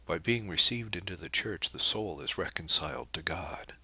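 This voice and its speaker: A man's voice: low-pitched, normal speed, pushed and bright, slightly rough, no room sound, exaggerated voice. A man reading the part of a young priest who answers steadily and earnestly.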